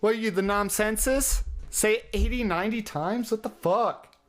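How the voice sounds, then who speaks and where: A man's voice: high-pitched, moderate pace, faint music behind. A man hosting a podcast alone, rambling casually with heavy swearing and frequent chuckles. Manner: rambling, heavily profane, chuckles often. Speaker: podcast host. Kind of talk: casual solo podcast monologue.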